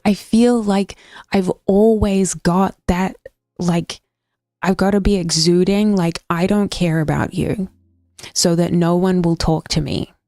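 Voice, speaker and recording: A woman's voice: on the low side, steady tone, slow, mellow, no room sound. A young woman streaming a game and chatting casually, telling stories bluntly, swearing freely and laughing between them. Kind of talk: casual chat on a gaming stream.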